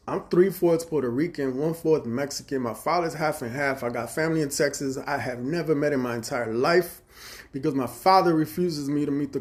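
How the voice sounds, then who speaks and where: A man in his forties on a live stream, telling rambling, profane stories with reenacted quarrels and sometimes trailing off into low mutters. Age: 40s. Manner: profane, agitated storytelling with reenacted dialogue. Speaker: livestreamer.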